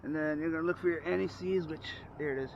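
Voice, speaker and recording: Lying under a car outside at night, a casual DIY repair vlogger talks through the job in a fast, fairly high, gravelly voice. His informal how-to narration rambles, packed with fillers and restarts, and the muffled phone recording picks up outdoor noise.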